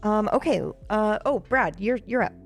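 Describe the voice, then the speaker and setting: A woman moderating a casual live Q&A, supportive and quick to agree, chiming in with short affirmations. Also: medium pitch, lively intonation, faint music behind.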